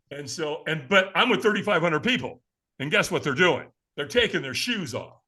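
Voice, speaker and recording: A man's voice: on the high side, lively intonation, fast, sharp tone. A man in his sixties, a podcast guest telling a story with animation, acting out the voices of the people he quotes and chuckling along.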